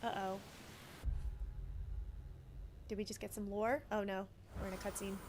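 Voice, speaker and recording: A woman's voice: mid-range voice, level tone, fast talker, background noise. An American woman streaming a game, chatting casually and giggling often between remarks. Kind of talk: casual chat while gaming.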